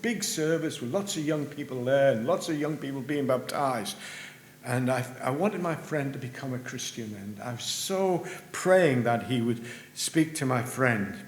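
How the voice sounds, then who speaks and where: Earnest male preacher in a roomy church. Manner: earnest, rises in pitch and volume for emphasis, drops low at ends of phrases. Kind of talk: sermon. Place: church sanctuary. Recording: roomy church with faint hum.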